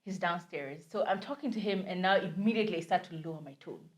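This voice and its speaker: Kenyan girl co-hosting a podcast, animated storytelling, drops swahili slang. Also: lowish voice, fast talker. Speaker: podcast co-host. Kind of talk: casual storytelling chat.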